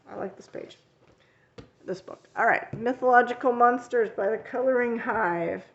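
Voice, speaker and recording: A rather high-pitched woman, recorded with a muffled sound, hosts a coloring channel. The art teacher chats loosely in a show-and-tell vlog about her finished coloring pages, rambling with plenty of fillers and self-corrections.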